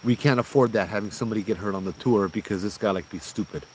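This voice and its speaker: Man, lowish voice, casual ghost storytelling, outdoors at night, faint crickets behind. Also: quick pace, slight background noise, rough recording. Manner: animated, laughs while telling, uses slang like bro. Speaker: ghost tour guide telling a story. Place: outdoors on a forest trail at night.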